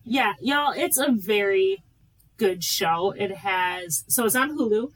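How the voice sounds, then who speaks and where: A woman co-hosting a podcast in casual chat, excitable and rambling, laughing often. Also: mid-range voice, slow, low-quality recording. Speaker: podcast co-host.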